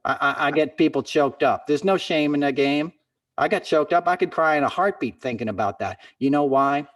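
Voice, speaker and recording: A man's voice: fairly high pitch, moderate pace, a bit bright. Podcast host guy, earnest and fired up, kinda far from the mic. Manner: earnest, impassioned pep talk, calls listener "man" and "brother". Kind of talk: casual chat.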